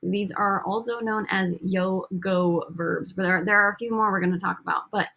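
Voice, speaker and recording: A woman's voice: medium pitch, fairly even intonation, normal speed, creaky, sharp tone, slight background noise. A woman teaching a recorded language lesson over slides, upbeat and coaxing as she drills students with prompts. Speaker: Spanish teacher.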